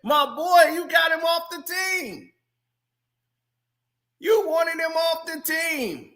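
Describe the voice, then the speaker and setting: A man putting on the voice of an excited male basketball star greeting an old teammate, loud and shouting. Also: extremely high pitch, slow, pitched above the performer's own voice, full character voice.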